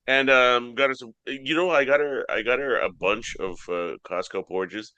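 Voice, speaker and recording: Bright-voiced man telling deadpan absurd stories. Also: a little slow, long pauses, no echo. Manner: deadpan absurd storytelling, voices his mom in high squeaks. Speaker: podcast co-host. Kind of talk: casual comedic chat.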